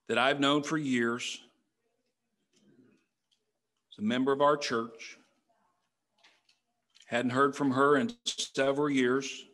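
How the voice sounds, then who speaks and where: A man's voice: mid-range voice, fairly bright tone. A middle-aged man, a pastor, preaching a conversational sermon in a church, full of rhetorical questions. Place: church sanctuary.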